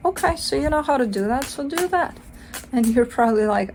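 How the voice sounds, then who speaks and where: A woman's voice: a little high, expressive, moderate pace, a little mellow, a little hiss or hum. A woman giving a casual tarot card reading, chatty and playful, swearing casually and acting out the listener's side. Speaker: tarot reader.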